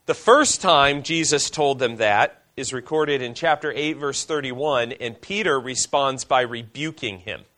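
A male pastor preaching a sermon, reading scripture aloud and asking the congregation questions, slowing down for emphasis. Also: mid-range voice, bright, forceful tone.

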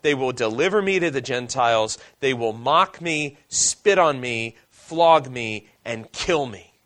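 A male pastor preaching a sermon, reading scripture aloud and asking the congregation questions, slowing down for emphasis. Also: mid-range voice, animated, fairly bright tone.

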